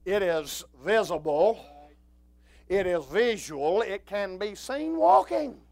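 A man preaching a sermon, swinging from quiet talk up to shouted preaching. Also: sits high, big pitch swings, slow pace, creaky, dry recording.

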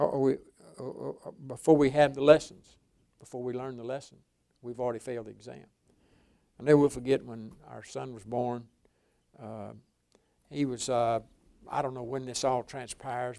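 A man's voice: mid-range voice, gravelly, a little mellow, no echo. An older man preaching a folksy sermon, telling rambling stories with frequent restarts.

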